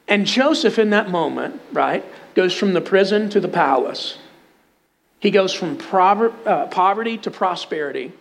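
A man with a Texan drawl preaches, his voice sitting high for a man. He retells scripture in a loose, conversational way, with asides and humor. A faint hum of the room sits underneath. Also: gravelly, fairly bright tone. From Texas. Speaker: pastor. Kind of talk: sermon.

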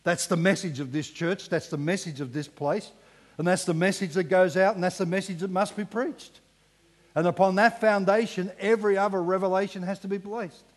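Male pastor, higher-pitched voice, animated sermon delivery, recorded with long hall reverb. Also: fairly quick. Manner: animated preaching, drops to hushed emphasis, acts out voices. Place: church hall.

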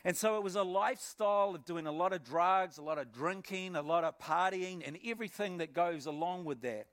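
Middle-aged NZ-accented male pastor, fairly high voice, lively testimony storyteller who acts scenes out. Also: fairly quick. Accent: New Zealand. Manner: animated storytelling, acts out scenes, repeats words. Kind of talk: personal testimony sermon.

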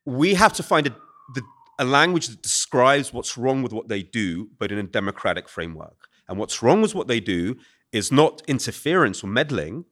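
A British man talking quickly and animatedly as an author being interviewed before a live audience. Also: medium pitch. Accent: British English. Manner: fast, animated explaining. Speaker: author and guest. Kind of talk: conversational podcast interview.

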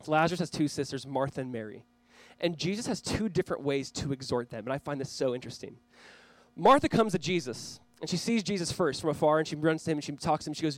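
Earnest pastor with a fairly high voice. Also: male voice, animated, fast, dry recording, rough recording. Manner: earnest, urging the listeners directly. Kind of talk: sermon. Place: church, speaking to a camera for online viewers.

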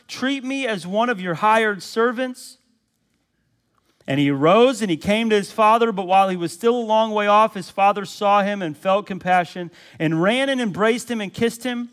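A male pastor preaches with a noticeably high-pitched voice. He drives home his points by repeating phrases and asking the listeners questions. His delivery rises to loud, urgent peaks and sinks into low, quiet passages. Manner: preaching with emphatic repetition and rhetorical questions. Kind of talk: sermon.

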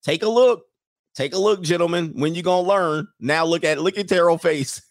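A man's voice: a little high, moderate pace, no echo, studio quality. A man hosting a commentary show who reacts to a clip and makes his points emphatically, hammering them home by repeating them. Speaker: host.

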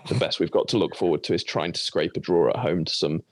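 A man's voice: low voice, quick pace, dry recording. A man speaking as a podcast guest, dry and wry about football results. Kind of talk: casual football podcast chat.

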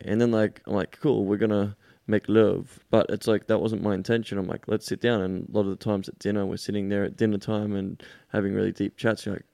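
Rapid gravelly man, podcast host, dry close sound, loose and profane. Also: lowish voice, dark tone, no echo. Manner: fast, swearing, storytelling. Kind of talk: casual chat.

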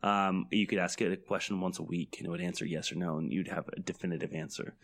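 A man's voice: deep voice, fairly even intonation, fast talker. Laid-back man telling a game story. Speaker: podcast guest, game master. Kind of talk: casual podcast chat.

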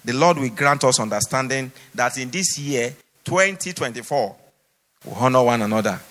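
A man's voice: medium pitch, expressive, moderate pace, a bit bright. A man preaching a sermon in a church, exhorting his listeners with emphatic, repeated phrases. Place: church hall. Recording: long hall reverb.

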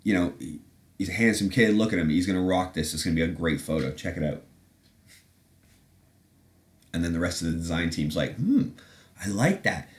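Brief: a low-voiced male podcast host, rambling and sarcastic, swears freely. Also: steady tone, quick pace. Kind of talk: casual chat.

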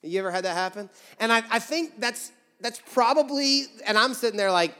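A man's voice: sits high, a little fast, pushed and bright, big-room sound. A man in his thirties, a pastor preaching a conversational sermon and acting out quoted voices. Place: church sanctuary.

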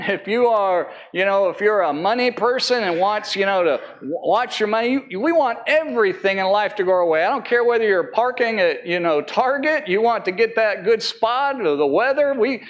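A man, a pastor, preaching a Sunday sermon to a congregation in an earnest way, slowing right down on key phrases and climbing higher when he presses a point. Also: highs cut off. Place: church service.

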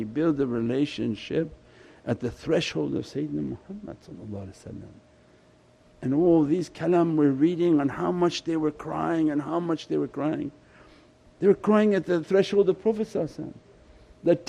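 Impassioned male Sufi preacher, mellow voice. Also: on the high side, brisk, vocal fry. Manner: impassioned, pleading, voice swells and drops. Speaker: Sufi shaykh. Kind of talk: sermon.

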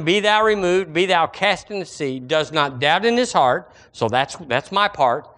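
A man's voice: fairly high pitch, a bit bright. A man preaching a sermon as pastor, emphatic and repetitive, swinging his voice up and down.

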